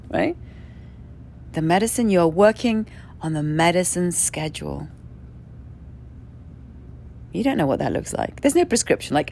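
Animated, blunt-talking woman. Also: lowish voice, unhurried, gravelly, pauses often, a little hiss or hum. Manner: blunt, profane, emphatic, laughs often. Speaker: speaker sharing spiritual experience. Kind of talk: candid monologue. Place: indoors in a rented lodging.

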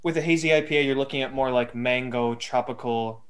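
A man in a casual co-hosted chat, talking through a beer at an easy, rambling pace. He circles back, restarts, and fills the gaps as he goes. His voice sits in a middle pitch for a man. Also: brisk. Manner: relaxed, rambling with fillers and restarts. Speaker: podcast co-host.

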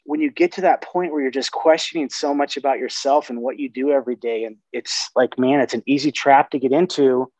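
A man's voice: medium pitch, steady tone, a little fast, hardly any pauses, darkish tone, dry recording. A man in casual podcast conversation, talking earnestly, swearing casually and often restarting his sentences. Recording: dull lo-fi sound.

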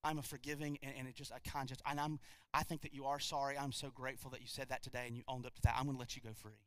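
A man voicing a lenient male judge who speaks gently and indulgently in a low, quiet voice. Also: flat delivery, rapid-fire, dry recording, lightly acted.

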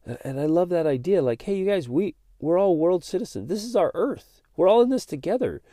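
A man's voice: sits high, expressive, brisk, mellow, dry recording, studio quality. A man hosting a motivational podcast, speaking earnestly and animatedly, repeating words as he gets fired up. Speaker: podcast host.

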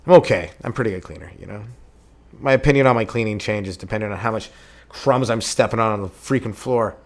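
This stand-up podcast host, a young man with a lowish voice, rambles through a foul-mouthed comedy monologue. He keeps breaking into snappy character voices and shouting.

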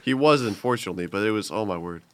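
Young man, American, casual podcast chat, rambling, halting restarts. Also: fairly low pitch, expressive, clean tone, dry recording. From United States. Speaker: podcast co-host.

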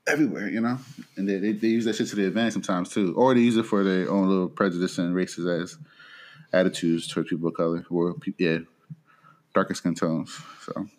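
A man's voice: deep voice, fairly even intonation, fast talker. A man in casual chat, laid-back and opinionated, who laughs often as he makes his point.

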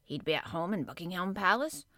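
A woman voicing a good-natured middle-aged head gardener, lowered and deferential. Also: lively intonation, a little fast, sharp tone, no echo, clean studio sound. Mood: amused.

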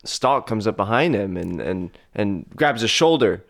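A man's voice: fairly low pitch, animated, measured pace, gravelly. A man casually retelling a film's scenes as a podcast co-host, acting out quotes between fillers. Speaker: podcast co-host recapping a film. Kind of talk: casual chat.

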